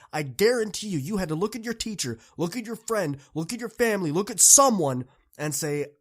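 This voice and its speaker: Earnest young man giving a motivational pep talk. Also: on the high side. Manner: earnest, encouraging, swings from soft to impassioned. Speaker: podcast host.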